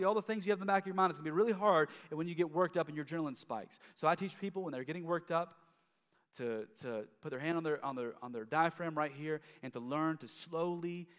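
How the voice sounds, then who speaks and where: A man preaching a sermon in a relaxed, conversational way, repeating and restarting his words as he goes. His voice sits a little high for a man. A long reverb trails after him, as in a large church hall. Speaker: pastor.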